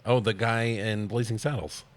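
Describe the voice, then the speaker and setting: Deep-voiced film buff co-host. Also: male voice, steady tone, moderate pace. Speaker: podcast co-host. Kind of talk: casual movie review chat.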